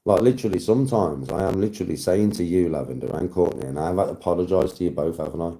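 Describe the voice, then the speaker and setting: A man's voice: low-pitched, fast, mellow. A man live-streaming, chatting to his viewers in casual banter, laughing often and swearing freely.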